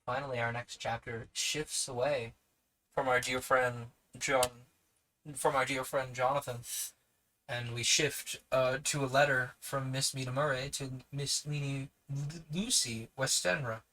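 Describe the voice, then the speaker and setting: A man's voice: mid-range voice, level tone, measured pace, pushed and bright, poor audio. A man with a New Zealand accent reading a novel aloud on a livestream, breaking off into chatty asides to his live chat. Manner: chatty, digresses and answers live chat between passages. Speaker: livestream book reader.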